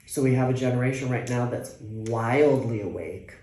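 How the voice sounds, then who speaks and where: A man with a mellow, warm tone talks earnestly in casual conversation and hammers his points home by repeating them. The room around him is echoey. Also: mid-range voice, moderate pace.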